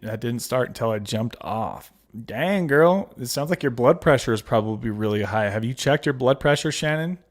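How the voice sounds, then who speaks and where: A man hosting a casual livestream, reading viewer comments aloud and answering them with fillers and laughs. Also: medium pitch. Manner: chatty with frequent fillers and laughs. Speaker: livestream host.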